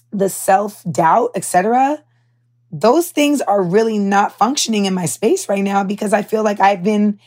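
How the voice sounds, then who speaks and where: A young American woman hosting a podcast, telling stories casually with heated, animated asides and swearing. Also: mid-range voice. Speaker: podcast host. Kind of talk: casual storytelling monologue.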